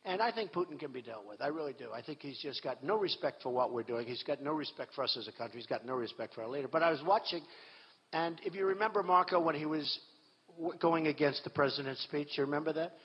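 Man, political candidate, rally speech, emphatic, repetitive, shouts then drops low, long hall reverb. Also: fast, slightly rough. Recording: echoey hall, dull sound.

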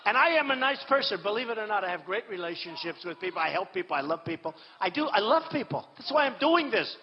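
A man giving a campaign rally speech as a political candidate, repeating himself emphatically and swinging between shouts and low asides. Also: big pitch swings, fast talker, slight background noise. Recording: echoey hall, dull sound.

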